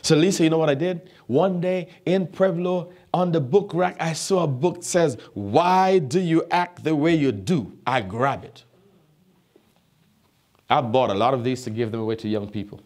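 A man's voice: a little high, moderate pace, a little mellow. Emphatic man preaching a sermon. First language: not English. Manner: emphatic, repeats phrases, asks the audience if they are listening. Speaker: pastor.

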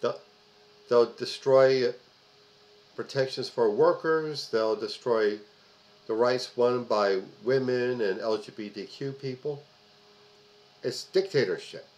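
A man speaking straight to his audience in an emphatic opinion monologue. He leans hard on key words and repeats phrases for stress. His talk is loose and unscripted, dotted with fillers. His pitch sits in a middle range for a man. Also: slow pace, pauses often, a little mellow, low-quality recording. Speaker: host of a political commentary video.

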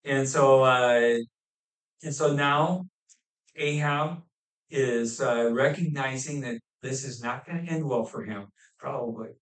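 A man preaching a sermon on a scripture passage, pausing often with fillers and restarts. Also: medium pitch. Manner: halting, with many fillers and restarts. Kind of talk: expository sermon. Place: church hall. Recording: echoey room, mic at a distance.

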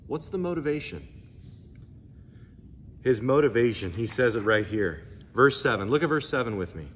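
A man's voice: medium pitch, moderate pace, a little hiss or hum. A male pastor from the United States preaching a sermon, telling stories and acting out the dialogue. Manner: animated storytelling, acts out dialogue. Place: church hall. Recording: echoey hall, faint ambience.

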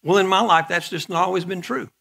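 A man's voice: high voice, quick pace, gravelly, sharp tone. A middle-aged male pastor preaching a sermon in a conversational way, with joking asides and frequent repeated words.

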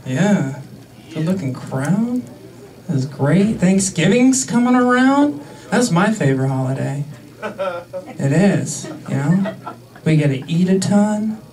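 A young man works a comedy club stage with a crude, sarcastic edge and mock outrage. His voice sits on the high side and his delivery is unhurried and drawn out. He sounds set back from the microphone, as if caught from a distance in the club. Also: lively intonation, darkish tone. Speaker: stand-up comedian. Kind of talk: stand-up set.

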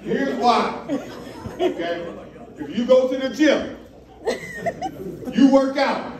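A man's voice: extremely high pitch, lively intonation, takes it slowly, very noisy. A stand-up comedian on a comedy club stage, working the crowd in a brash, profane way while acting out his bits. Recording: echoey live club from far off, loud crowd laughter.

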